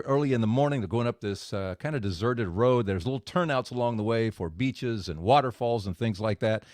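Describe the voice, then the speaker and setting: A man hosting a faith podcast, retelling stories and explaining scripture in a relaxed, explanatory way. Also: medium pitch, no room sound, studio quality. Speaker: podcast host. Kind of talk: faith podcast storytelling and commentary.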